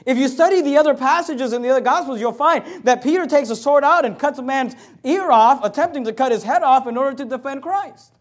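A man's voice: very high voice, a little fast, hardly any pauses. A man preaching a sermon, reading scripture and acting out the quoted dialogue with rising intensity. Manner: reads scripture in King James wording.

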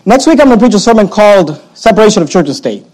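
A man preaching from the pulpit in a high voice. He drives his points home with sarcastic jabs, rising sharply for emphasis and dropping to quiet asides. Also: very animated, fast, low-quality recording. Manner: emphatic and sarcastic, swinging between loud and hushed. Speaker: pastor. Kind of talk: sermon.

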